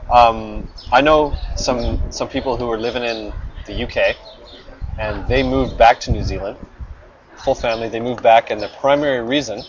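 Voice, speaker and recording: A man co-hosting a casual podcast, joking and rephrasing what the other host says. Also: medium pitch. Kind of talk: casual beer-drinking chat. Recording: lo-fi mic with hiss.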